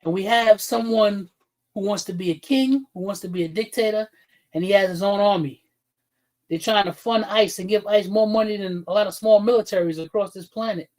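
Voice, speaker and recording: A man's voice: high voice, a little fast, a little mellow, poor audio. A man hosting a livestream, ranting bluntly and heatedly with heavy profanity and calling out viewers in chat by name. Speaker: livestream host. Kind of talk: livestream commentary rant.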